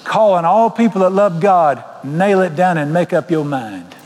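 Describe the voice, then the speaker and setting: Folksy preacher, high voice, hollers and jokes, long hall reverb. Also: male voice, animated, normal speed, a little mellow. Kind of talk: fiery sermon.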